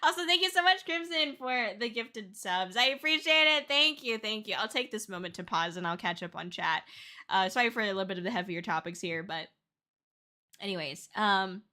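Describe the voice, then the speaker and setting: A young woman from Canada, streaming as a VTuber, talks casually with chat and thanks her viewers. She's tearful and shrieking with excitement, her mid-range voice bright and forceful at a moderate pace.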